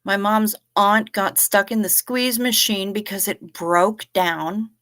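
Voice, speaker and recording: A woman's voice: mid-range voice, steady tone, takes it slowly, a bit bright. A woman hosting a live stream, chatting casually in a joking, profane way while reading viewer comments. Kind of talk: casual chat.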